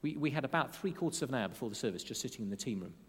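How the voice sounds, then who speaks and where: A man preaching a sermon as pastor during a church service, earnest and expressive, slowing down to lean on key phrases. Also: mid-range voice, husky. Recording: long reverb of a large church hall.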